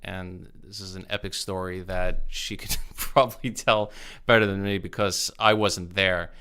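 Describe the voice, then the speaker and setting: A man's voice: low voice, steady tone, a little slow, sharp tone, smooth. A man hosting a podcast in casual chat, upbeat and joking, with frequent stumbling restarts. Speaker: podcast host.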